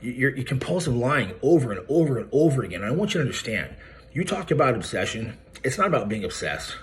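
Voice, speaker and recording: Talking fast with big pitch swings in a mid-range voice, a man rants to camera against a credit repair business, calling out and addressing the target by name. The YouTube vlog is angry, profane, confrontational and mocking, with slight background noise behind him.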